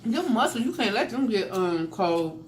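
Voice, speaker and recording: A woman's voice: medium pitch, lively intonation, normal speed, a little hiss or hum. A woman in her sixties chatting and teasing her viewers during a casual eating show, filmed on a phone at home. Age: 60s. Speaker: mukbang vlogger. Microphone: phone camera. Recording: echoey room.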